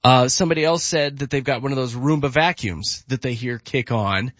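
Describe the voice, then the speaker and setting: A man's voice: mid-range voice, a little fast, no room sound. A man hosting a morning radio show, chatting casually and telling stories on air. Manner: chatty storytelling, lively. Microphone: studio mic. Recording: muffled broadcast audio with faint music.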